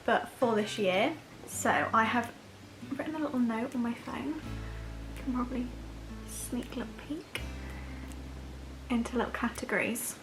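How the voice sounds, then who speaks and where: A young woman chatting to camera about her favourite products, rambling with quick self-deprecating asides. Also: on the high side. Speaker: beauty vlogger. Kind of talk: casual chat to camera.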